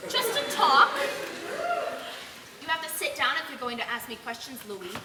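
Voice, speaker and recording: An actress plays a childlike, excitable grown woman in a live stage show, pleading and bursting into cries. Her voice is very high and bright with lively swings. It sounds distant, in a long, echoey theater hall with faint hiss. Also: normal speed. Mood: earnest. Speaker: stage actor in a school play.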